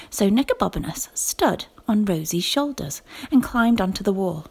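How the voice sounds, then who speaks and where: A woman teacher reading a children's story aloud, lively and expressive. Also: medium pitch, normal speed, husky. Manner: lively expressive reading with whispered character lines.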